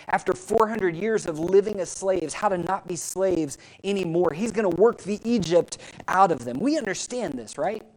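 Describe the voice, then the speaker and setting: A woman pastor preaching a sermon, rising in pitch and volume for emphasis and asking the congregation questions. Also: a little mellow, poor audio. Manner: speaks directly to the congregation with questions.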